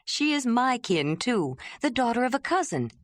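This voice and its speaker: A woman voicing a brisk, commanding female camp leader in an audiobook. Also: fairly high pitch, very animated, no echo, studio quality, pitched above the performer's own voice.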